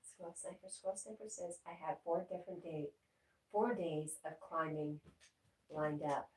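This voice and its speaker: A woman reading viewers' chat aloud in a relaxed live stream, breaking off to coo and laugh at her pets in a sing-song baby talk. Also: sits low, normal speed, recorded from a distance. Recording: echoey room, voice a bit off-mic, faint noise.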